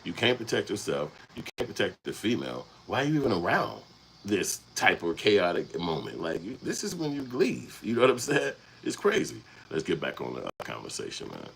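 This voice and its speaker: Male host from Chicago's South Side, very low voice, loose profane storytelling, faint background hiss. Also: huge pitch swings, fairly quick, gravelly, fairly bright tone, poor audio. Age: adult, past young adulthood. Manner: rambling, profane, street-casual. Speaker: channel host. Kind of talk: casual storytelling commentary.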